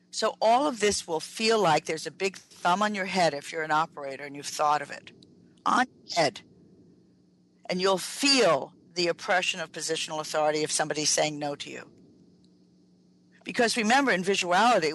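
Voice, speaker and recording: An emphatic trainer giving a lecture over the radio, with a mid-pitched voice. The speaker leans on repeated phrases and talks straight to the audience. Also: a bit bright, poor audio. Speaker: workplace improvement trainer on a radio talk show. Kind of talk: lecture-style radio talk.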